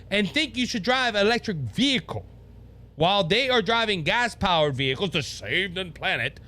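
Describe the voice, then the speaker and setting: A man with a Cajun Louisiana accent delivers a political commentary monologue as a podcast host. His voice sits high and swings widely in pitch. He talks emphatically, repeats himself, and addresses his listeners directly. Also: pushed and bright. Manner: emphatic and repetitive, often restarting phrases.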